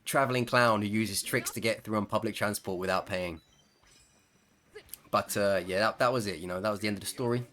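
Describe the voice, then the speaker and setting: A man's voice: on the low side, brisk, a bit bright, a little hiss or hum. A man telling a casual, chuckling anecdote over gameplay, full of fillers and asides. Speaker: gaming video creator. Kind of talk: storytelling over gameplay commentary.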